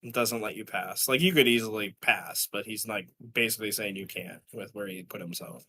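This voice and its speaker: Bright-voiced man narrating as game master. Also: fairly low pitch, brisk, slightly rough. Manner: rambling, full of fillers and restarts.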